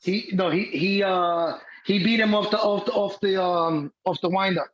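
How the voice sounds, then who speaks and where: Excitable high-voiced man on lo-fi audio. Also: normal speed. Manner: excitable, stumbles and repeats words. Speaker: co-host. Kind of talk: live baseball watch-along chat.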